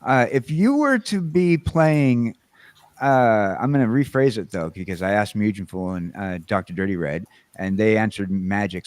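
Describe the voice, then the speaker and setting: A man's voice: on the low side, animated, moderate pace, darkish tone, no echo. A man hosting a casual livestream chat, rambling with lots of fillers and restarts. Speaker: host.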